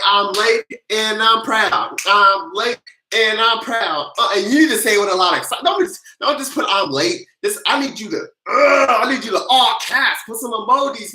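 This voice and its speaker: A live-stream host with a bright, pushing voice answers viewers' questions in loose, casual talk full of restarts. The host keeps pumping up the chat, leading loud chants. The voice rings in an echoey room. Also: medium pitch. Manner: hyped-up, cheerleading the chat. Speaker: tax livestream host. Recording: roomy echo.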